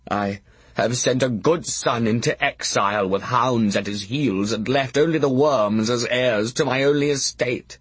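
A man voicing a melodramatic old blind earl in an audiobook, croaking and lamenting slowly. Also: medium pitch, no echo. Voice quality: croaking, theatrical wailing. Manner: slow, drawn-out lamenting. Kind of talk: audiobook character voice.

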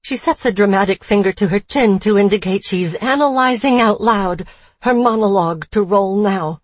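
Husky woman narrating a thriller. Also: medium pitch, moderate pace, dry recording. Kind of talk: first-person story narration.

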